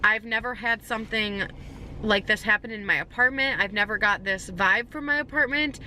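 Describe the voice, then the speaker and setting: Young woman vlogger, rattled storyteller, bright clear voice, faint background hum. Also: mid-range voice, moderate pace. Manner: shaken, rambling retelling with many "like"s and restarts. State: anxious. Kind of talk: storytime vlog.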